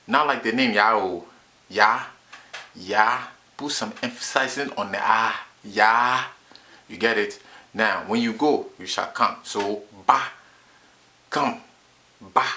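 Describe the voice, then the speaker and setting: A man's voice: lowish voice, sharp tone. A man giving a comic language lesson, boastful and drilling each word again and again. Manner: boastful, repeats words in drills. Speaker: vlogger teaching words.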